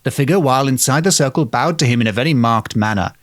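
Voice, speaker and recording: A man's voice: mid-range voice, fast talker, no room sound. Podcast host guy, jokey, reads old ghost stories aloud, dry close mic. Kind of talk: comedic storytelling podcast chat.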